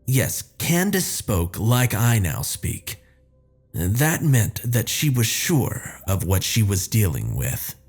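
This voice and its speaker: A man narrates a first-person horror story in a slow, deliberate tone. His voice is low and husky, with a lively rise and fall, and soft music plays faintly behind him. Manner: measured, descriptive storytelling.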